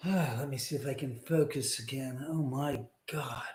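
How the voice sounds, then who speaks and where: A man with a mid-range, slightly mellow voice hosts a livestream from home at a moderate pace. Wired on caffeine, he rambles and swears giddily in casual chat, and the room sounds echoey.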